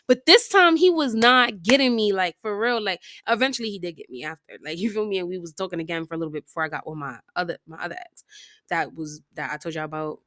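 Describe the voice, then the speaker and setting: A woman telling a story casually over gameplay, retelling it in an animated, slangy way with constant fillers. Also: medium pitch. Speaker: storytime vlogger.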